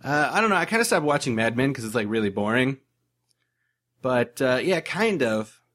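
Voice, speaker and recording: A man's voice: mid-range voice, moderate pace. A man co-hosting a casual podcast chat, rambling with lots of "like" as he retells movie scenes. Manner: rambling, heavy use of "like", animated retellings.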